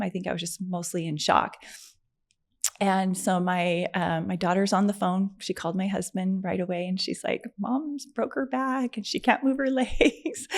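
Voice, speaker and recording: A middle-aged woman, a podcast guest, telling a personal story in a chatty, animated way, with many fillers and frequent laughs. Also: on the low side. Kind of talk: conversational storytelling.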